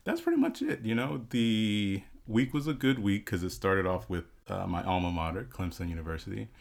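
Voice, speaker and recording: A man with a very deep voice co-hosting a relaxed podcast chat. He talks in an easygoing way and laughs often. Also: normal speed, vocal fry. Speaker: podcast co-host. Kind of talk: casual chat.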